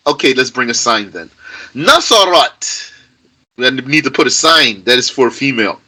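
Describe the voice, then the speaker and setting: Slow, animated man teaching grammar. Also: a little high, husky, rough recording. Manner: patient, repeats key points, emphatic stress. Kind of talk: live classroom lesson.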